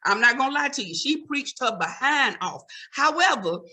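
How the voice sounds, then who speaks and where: A woman's voice: high voice, normal speed. A woman comedian doing stand-up, talking straight to her audience and teasing them. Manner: animated, teasing direct address to the audience.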